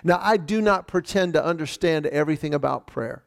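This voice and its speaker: A man's voice: a little high, brisk, gravelly. A man preaching a sermon, telling a personal story earnestly with wry humor and often stumbling and restarting his words. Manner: frequent stammered restarts. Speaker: pastor.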